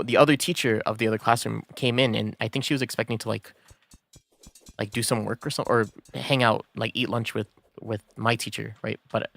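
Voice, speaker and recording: A man's voice: medium pitch, vocal fry, fairly bright tone, dry recording. Rambling young-sounding man streamer. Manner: rambling, full of fillers and restarts. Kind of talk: casual storytelling while gaming.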